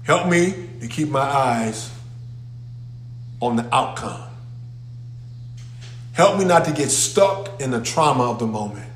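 A man's voice: mid-range voice, expressive, slow, long pauses, a little hiss or hum. A man preaching a sermon to a congregation, emphatic and calling out questions to the people. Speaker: pastor. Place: church sanctuary with a congregation. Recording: echoey room.

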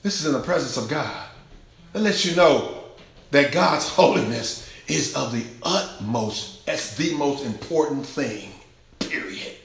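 A man preaching a sermon in a rhythmic, repetitive cadence, swinging from shouted exclamations to hushed near-whispers. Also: medium pitch, expressive, a little slow, creaky, slight background noise. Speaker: pastor. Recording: echoey room.

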